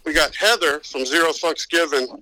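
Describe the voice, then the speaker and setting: A man's voice: fairly high pitch, normal speed, bright, forceful tone, no echo, low-quality recording. A man with a Southern accent, chatting as a guest on a podcast, talking in a hyped, profane, promo-style way. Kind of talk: casual chat.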